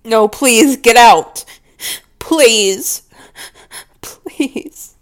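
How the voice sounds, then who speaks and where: A possessive, volatile mistress, played by a woman in an audio role-play, speaking straight to the listener. She talks slowly and deliberately, domineering and scornful, and slips now and then into hushed whispers. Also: mid-range voice. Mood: pleading, hurt. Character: possessive, volatile woman scolding her pet.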